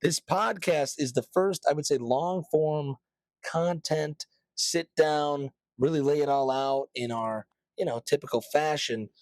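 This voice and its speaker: Man, podcast host, somewhat high voice, dry close sound, jokey pitchman delivery. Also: unhurried, darkish tone, dry recording. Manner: loose, joking, promotional. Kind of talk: casual podcast chat.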